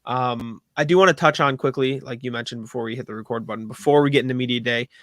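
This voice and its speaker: A man's voice: medium pitch, fast, a bit bright, no room sound. Guy cohosting a sports pod, lots of ums and uhs, super dry mic. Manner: loose, filler-heavy delivery. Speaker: podcast co-host. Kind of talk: casual sports podcast chat.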